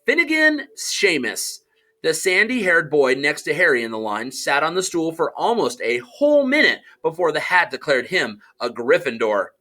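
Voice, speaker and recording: A man narrating an audiobook in an expressive storytelling manner and voicing the characters. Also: a little high, normal speed, hardly any pauses. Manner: animated storytelling, does character voices.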